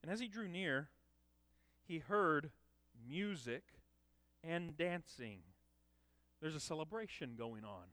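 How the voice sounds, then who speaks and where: A man preaching a sermon, emphatic, with loud dramatic peaks. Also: a little high, animated, takes it slowly, long pauses, no echo. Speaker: pastor.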